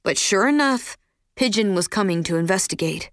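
As an audiobook narrator, a woman reads a children's story aloud in an even, measured storytelling voice. Her mid-range voice is captured in a dry, studio-quality recording of this scripted narration.

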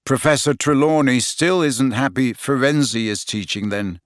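A man's voice: medium pitch, a little slow, no room sound, studio quality, lightly acted. A man voicing an earnest teenage schoolboy who speaks politely and a little awkwardly.

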